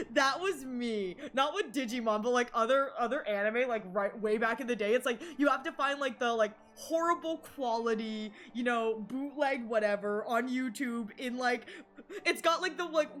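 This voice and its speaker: A young adult woman streaming and chatting casually, animated and rambling with lots of fillers and restarts. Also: fairly high pitch. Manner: excited shouted greetings to chat. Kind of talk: casual live-stream chat.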